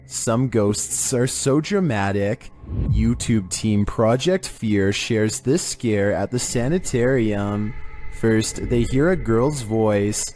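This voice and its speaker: A man narrating a creepy video countdown in a flat, monotone scripted delivery. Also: fairly low pitch, takes it slowly, slight background noise.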